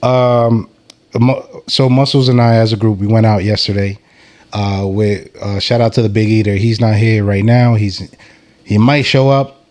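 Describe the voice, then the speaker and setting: A man's voice: on the low side, steady tone, moderate pace, darkish tone. Playful man hosting a casual podcast. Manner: playful, joking hype-man banter. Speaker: podcast host.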